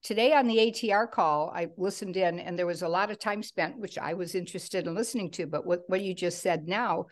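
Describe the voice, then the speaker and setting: A woman on a group call giving a measured, thoughtful comment. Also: fairly low pitch. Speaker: caller.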